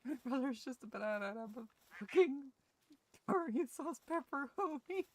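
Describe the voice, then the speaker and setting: A woman's voice: sits high, lively intonation, moderate pace. A young woman streaming a game and chatting casually with her viewers, giggling and swearing freely while sounding ill with a cough.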